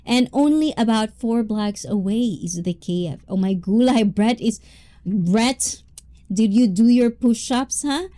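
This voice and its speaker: A woman's voice: a little high, measured pace, warm tone. A young woman hosting a casual livestream, chatting, laughing often and reading viewers' comments aloud. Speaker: livestream host reading chat.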